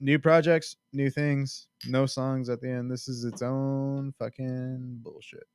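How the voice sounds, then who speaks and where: A man's voice: medium pitch, flat delivery, slow, darkish tone, clean tone. A man hosting a podcast, teasing his guest with crude jokes over drinks and a bit tipsy. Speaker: podcast host. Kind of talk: casual podcast chat.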